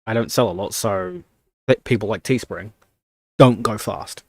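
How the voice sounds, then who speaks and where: A man's voice: fairly low pitch, a little slow, darkish tone, husky, no room sound. A young man chatting casually on a live stream, ranting in annoyance while typing commands at his desk. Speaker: livestreamer.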